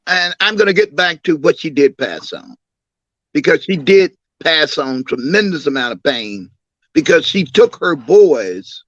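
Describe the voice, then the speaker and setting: A man's voice: on the high side, no echo, highs cut off. Older man telling family stories with animation. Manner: animated storyteller, acts out quoted voices. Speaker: imam and city councilman, interview guest. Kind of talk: recounting family memories in an interview.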